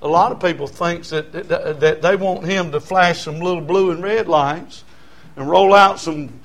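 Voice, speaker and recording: An older man, preaching a sermon as pastor in a folksy storytelling way, swinging from quiet talk to shouting. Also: on the high side, unhurried.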